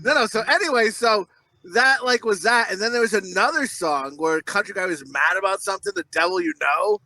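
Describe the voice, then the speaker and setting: A man's voice: sits high, a little fast, no room sound. A man co-hosting a podcast, rambling through crude stories in casual chat and laughing often. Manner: animated voices in quoted reactions. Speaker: podcast co-host.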